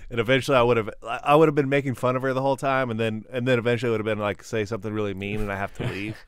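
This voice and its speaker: Sarcastic male co-host, smooth, crisp voice, dry close sound. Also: medium pitch, steady tone, racing, dry recording. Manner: sarcastic, exaggerated disgust. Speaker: podcast co-host. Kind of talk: casual comedic chat.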